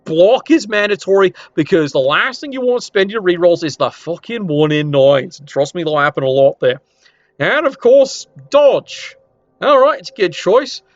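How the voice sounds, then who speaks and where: High, lively man reviewing teams. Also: normal speed, no room sound, muffled recording. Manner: chatty, wry asides, swears casually. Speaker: league reviewer. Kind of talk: casual commentary over screen.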